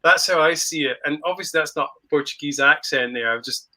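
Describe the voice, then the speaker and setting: A man's voice: fairly high pitch, fairly quick, bright, forceful tone. A man co-hosting a podcast, joking and playful in casual banter. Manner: jokey, playful. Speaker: podcast co-host.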